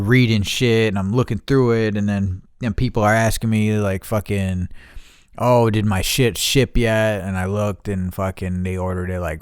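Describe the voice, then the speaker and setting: A man's voice: on the low side, clear, resonant tone, dry recording, clean studio sound. A man hosting a casual solo podcast, rambling with constant swearing and many restarts. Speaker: podcast host.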